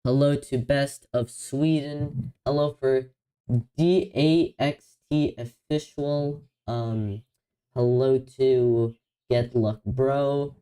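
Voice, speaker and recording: A man hosting a live stream in casual chat, excitable and apologetic, often stumbling over his words and laughing. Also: mid-range voice, slow pace, smooth, low-quality recording. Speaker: livestream host.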